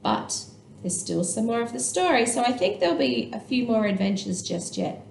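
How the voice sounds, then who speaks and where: A woman teacher reading a picture book aloud to young children, slow and expressive. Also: on the high side, gravelly, roomy sound, a little hiss or hum, poor audio.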